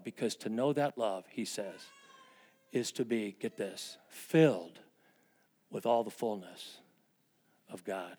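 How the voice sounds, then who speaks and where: A man's voice: fairly low pitch, takes it slowly, long pauses. Fervent older male preacher. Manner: dynamic preaching, dropping to hushed confessional tones and rising to fervent emphasis. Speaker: pastor. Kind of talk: sermon.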